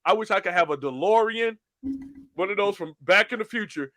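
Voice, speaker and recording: A man hosts a casual talk show and tells stories with lively energy, acting out voices along the way. His voice is bright and sits a little high for a man. The recording is dry and close. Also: a little fast, no echo. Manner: animated storytelling, acts out phone menus. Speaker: show host. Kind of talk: casual podcast chat.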